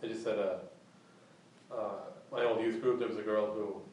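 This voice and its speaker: A man's voice: lowish voice, flat delivery, darkish tone. Hesitant man, far off in an echoey room. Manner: hesitant, halting, many restarts. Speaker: class member. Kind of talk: personal story in a class discussion. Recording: distant mic in an echoey room, faint noise.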